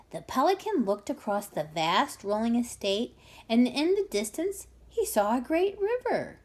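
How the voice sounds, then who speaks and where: Expressive woman reading a children's book. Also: fairly high pitch, unhurried. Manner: expressive storytelling. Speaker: reading tutor. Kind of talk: children's book read-aloud.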